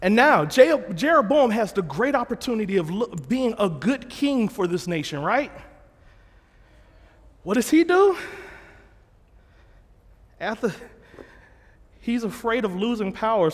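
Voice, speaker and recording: Guy preaching a sermon, chatty retelling, fixes his slips, long reverb like a big sanctuary. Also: high-pitched. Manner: retells scripture in a plain, conversational way, correcting himself often. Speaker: pastor.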